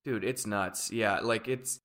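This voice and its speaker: A man's voice: lowish voice, takes it slowly. A young man co-hosting a casual podcast, ranting animatedly and swearing. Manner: animated, swearing, rants loudly. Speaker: podcast co-host. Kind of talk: casual chat.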